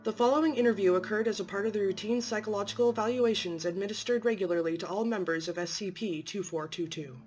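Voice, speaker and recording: A woman narrating from a script in a clear, matter-of-fact way. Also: mid-range voice, quick pace, hardly any pauses, darkish tone, soft background music.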